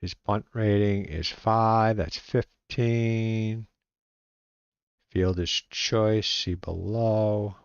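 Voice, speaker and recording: A man playing a solo tabletop baseball game, reading out dice rolls and calling the plays in a relaxed, halting way, muttering to himself as he looks things up. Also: lowish voice, vocal fry, clean tone, no echo, lo-fi sound. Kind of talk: casual play-by-play while rolling dice.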